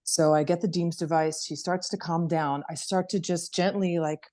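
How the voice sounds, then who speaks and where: A middle-aged woman on a video call, telling a personal story in an animated way and acting out her child's words. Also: moderate pace. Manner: animated storytelling, acts out her daughter in a high voice. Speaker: interview participant.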